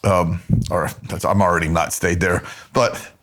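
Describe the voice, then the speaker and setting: A man's voice: low voice, fairly even intonation, a little slow, fairly bright tone. A man, a podcast host, talking casually with his wife in a rambling way. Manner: rambling, with many restarts. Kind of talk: casual conversational talk.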